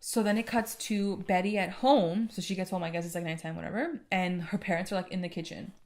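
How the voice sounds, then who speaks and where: A woman's voice: on the low side, fairly even intonation, fairly quick, a little mellow, slight background noise. A young adult woman co-hosting a podcast, recapping in a rambling, casual way that is full of "like". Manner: rambling, fills speech with "like". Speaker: podcast co-host.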